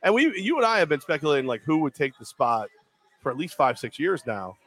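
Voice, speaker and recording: A man co-hosting a podcast in casual sports chat, rambling and cracking jokes with quick asides. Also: fairly high pitch, sing-song, a bit bright. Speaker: podcast co-host.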